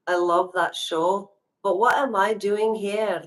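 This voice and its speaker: Slow-talking chatty woman livestream host. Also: medium pitch, rough recording. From Canada. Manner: chatty, rambling, addresses viewers directly. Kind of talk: casual livestream chat.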